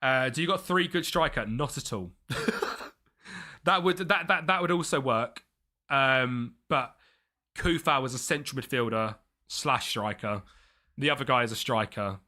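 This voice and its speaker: A young man streaming live, chatting and thinking aloud over a football management game, with excited bursts at chances. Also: mid-range voice, measured pace. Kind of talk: live gameplay commentary.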